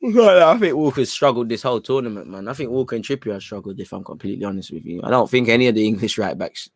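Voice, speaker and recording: A chatty, opinionated football watchalong host with a medium-pitched voice gives fast, animated live commentary on a match, often ending phrases with "man." He also reads chat messages aloud and reacts to them, in a studio-quality recording with no echo.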